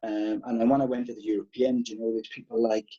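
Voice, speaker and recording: A man in his thirties, a karate instructor guest, telling animated stories and swearing freely. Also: lowish voice, fast, husky, dull audio. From Wales. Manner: animated, swears freely, acts out past exchanges. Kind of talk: casual podcast storytelling.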